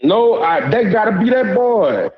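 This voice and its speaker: A man's voice: sits high, sing-song, unhurried, slightly rough. Heated Southern man on a lo-fi call. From Louisiana. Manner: heated, repeats "you hear me", blunt slang. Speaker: caller on a panel.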